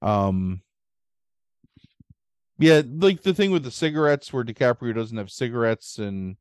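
A man's voice: medium pitch, lively intonation, unhurried, a little mellow, smooth, no echo, clean studio sound. A man co-hosting a podcast in casual chat, easygoing and chatty with fillers.

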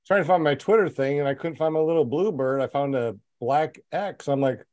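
A man's voice: a little high, fairly quick, hardly any pauses, darkish tone. A man hosting a podcast, chatting casually with guests in a joking, rambling way with many restarts. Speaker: podcast host. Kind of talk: casual group chat.

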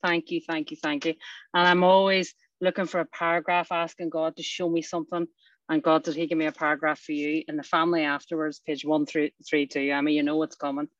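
A meeting host who warmly thanks the speaker, then reads a passage aloud with devotion. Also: mid-range voice, little pitch movement, a little fast, no room sound, dull audio. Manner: warm and effusive, devout.

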